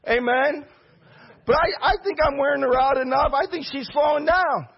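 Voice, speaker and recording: A middle-aged man preaching a storytelling sermon as pastor, animated and bursting into shouts. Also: very high-pitched, brisk, creaky. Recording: dull lo-fi recording.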